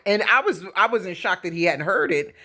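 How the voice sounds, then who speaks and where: A middle-aged woman from Detroit tells a story in a relaxed living-room chat. Her pitch rises and falls freely, and she speaks candidly and reflectively. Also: moderate pace. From Detroit, Michigan. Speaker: host. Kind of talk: casual conversation.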